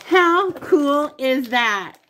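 A woman's voice: high voice, animated, extremely slow, bright, forceful tone, slight background noise. A woman co-hosting a casual unboxing vlog, gushing and talking straight to her viewers. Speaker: channel co-host.

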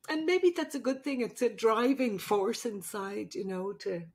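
An older woman, a podcast host and midwife, speaking tenderly through tears in a halting, emotional heart-to-heart with her daughter. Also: a little high, animated. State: crying.

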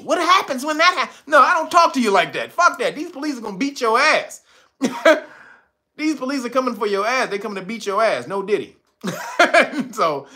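A man's voice: fairly high pitch, fairly bright tone. A man hosting a livestream, talking tough and blunt with profanity, breaking into laughs. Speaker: livestream host. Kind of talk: livestream pitch and commentary.

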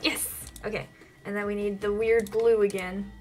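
A woman's voice: medium pitch, flat delivery, normal speed, faint music behind. A woman giving casual let's-play commentary, talking to herself with frequent flustered yelps and laughs. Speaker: gaming channel host.

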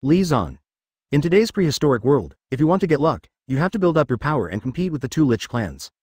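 A man narrating a web novel aloud in an even, machine-like reading. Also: on the high side, fast, slightly rough, no room sound. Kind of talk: text-to-speech novel reading.

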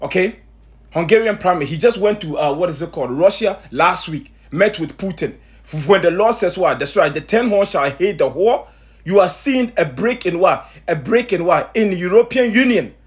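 A man's voice: high voice, normal speed. A man preaching with urgent emphasis, repeating himself, stammering restarts and asking his listeners rhetorical questions. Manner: stammering restarts when excited. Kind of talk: impassioned sermon commentary.

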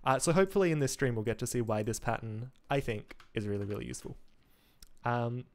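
A man's voice: medium pitch, expressive, fast talker, a little mellow. A man casually talking through his game code on a live stream, thinking aloud with ums, restarts and wry asides.

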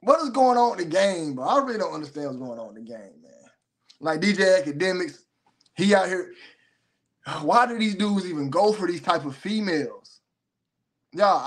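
A man's voice: high-pitched, lively intonation, a little fast, fairly bright tone. A man hosting a casual commentary show, telling rambling, profane stories with a lot of animation. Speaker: host.

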